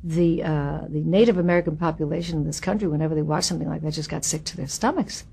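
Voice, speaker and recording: A woman's voice: low-pitched, fairly even intonation, quick pace, creaky, darkish tone, slightly rough. Woman in her 70s, actress doing an interview, candid and wry, lots of little asides. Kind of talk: reminiscing interview.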